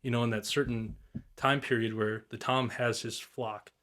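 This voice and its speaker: This podcast guest, a young turkey hunter, talks at a normal pace and middle pitch, drifting loosely from story to story. He's relaxed and informal, dropping occasional swear words and doing turkey call impressions.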